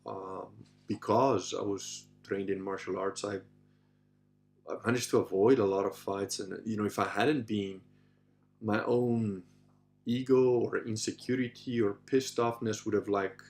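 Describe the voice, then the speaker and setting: A man's voice: fairly low pitch, unhurried. A middle-aged man hosting a podcast, telling stories in a loose, rambling way with many restarts and asides. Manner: rambling, frequent restarts and "you know"; animated, acts out voices in his stories. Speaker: podcast host answering listener questions. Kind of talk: casual storytelling monologue.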